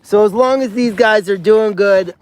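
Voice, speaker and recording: A man's voice: high-pitched, normal speed, darkish tone. A man who runs an animal sanctuary, chatting in a rambling, casual way on a live stream, with many restarts and fillers. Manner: rambling, frequent restarts and "you know" fillers.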